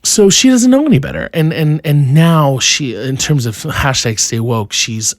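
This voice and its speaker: A man's voice: medium pitch, animated, normal speed, no room sound, clean studio sound. A young man in a casual podcast conversation, telling a personal story earnestly with many restarts. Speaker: podcast guest.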